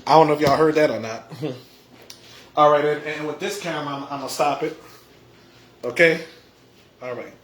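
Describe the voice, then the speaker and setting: Home livestream host: man, stammering and repetitive, a slightly high voice, in an echoey room. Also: normal speed, pauses often, fairly bright tone, a little hiss or hum. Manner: stammering, repeats words, chuckles often. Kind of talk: casual livestream chat.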